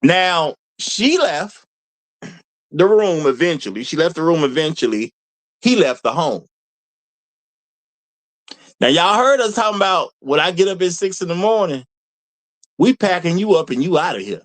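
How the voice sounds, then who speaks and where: A man hosting a live commentary show, riffing straight to his viewers. His voice sits high for a man and swings widely in pitch. He hammers each point home by saying it again. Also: moderate pace, pauses often, dry recording, poor audio. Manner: animated, repeats lines for emphasis, addresses viewers as y'all.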